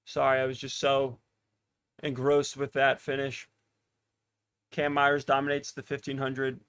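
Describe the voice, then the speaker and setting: Smooth-voiced race commentator. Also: male voice, mid-range voice, unhurried. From United States. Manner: excited, rising with the race, chatting to live viewers. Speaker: podcast host commentating a race. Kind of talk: live watch-party race commentary.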